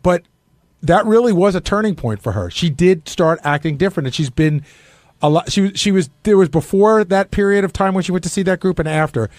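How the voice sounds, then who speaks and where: A longtime radio producer in casual studio chat, bantering with a wry, complaining edge. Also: male voice, sits high, animated, fairly quick, a little mellow, no echo.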